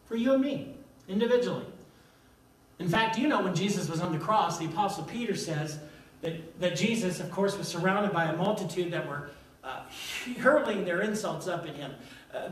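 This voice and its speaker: A man's voice: high-pitched, a bit bright. An older man preaching a sermon as pastor, emphatic and repeating his key lines. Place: church sanctuary. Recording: echoey church from a distance.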